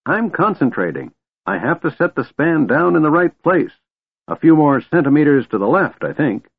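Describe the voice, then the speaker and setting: A man's voice: a little high, sing-song, moderate pace, slightly rough, pitched above the performer's own voice, exaggerated voice. A man voicing a doddering, irritable old male wizard with snappish, absent-minded muttering in an audiobook. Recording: tinny phone-like, dry.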